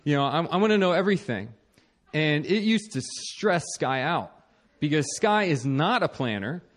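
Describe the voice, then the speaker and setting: A young man telling a personal story about his marriage in an animated, self-mocking way, with frequent restarts and chuckles. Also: fairly high pitch, moderate pace. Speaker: speaker sharing a marriage story.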